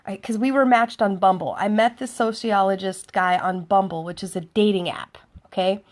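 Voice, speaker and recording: A woman's voice: medium pitch, fairly even intonation, moderate pace. A woman telling a dating story in a chatty, sardonic monologue, acting out both sides of the conversation. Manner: chatty, sardonic, acts out dialogue. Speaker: vlogger.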